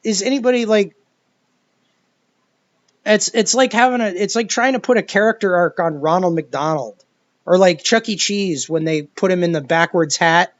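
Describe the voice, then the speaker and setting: Brief: exasperated male commentator, high voice, profane rambling rant, dull dry recording. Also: moderate pace, no room sound. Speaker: video commentator. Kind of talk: ranting commentary monologue.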